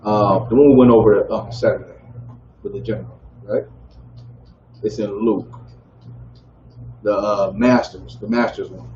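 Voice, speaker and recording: A man's voice: fairly even intonation, measured pace, long pauses, dark tone. Preaching man asking "y'all with me?". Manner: call-and-response, keeps asking "y'all with me?". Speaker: teacher leading a scripture class. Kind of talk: street-preaching style Bible lesson. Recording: roomy, dull low-fi audio with faint background noise.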